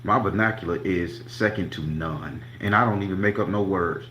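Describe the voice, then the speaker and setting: A man's voice: low voice, normal speed, a bit bright, echoey room, slight background noise. A man telling a profane story to his channel, acting out each quote with emphasis. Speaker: tarot reader and channel host.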